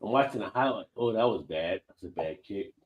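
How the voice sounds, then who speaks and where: Lively tipsy man hosting a stream. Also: on the low side, a little fast, narrow, tinny audio. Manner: joking, tipsy, reads out viewer comments. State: buzzed. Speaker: host. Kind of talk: casual live-stream chat.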